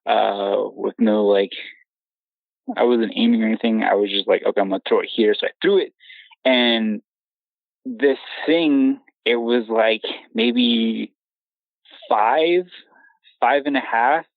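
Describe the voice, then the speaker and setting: A man's voice: medium pitch, takes it slowly, vocal fry, long pauses, no room sound. A young man telling his own scary encounter story in a rambling way, stumbling over restarts and laughing nervously. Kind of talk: casual storytelling. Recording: tinny phone line.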